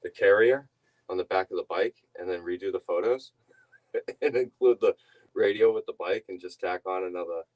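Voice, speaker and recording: A man's voice: sits low, moderate pace, a little mellow, poor audio. A young man telling a rambling story to his stream viewers, laughing often and breaking off mid-sentence. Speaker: reseller streamer.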